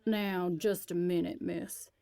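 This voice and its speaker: Woman reading a gruff rural man, suspicious and clipped, in a flat, slow delivery. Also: on the low side, no room sound. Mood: suspicious, stern. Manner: curt, stern, affronted.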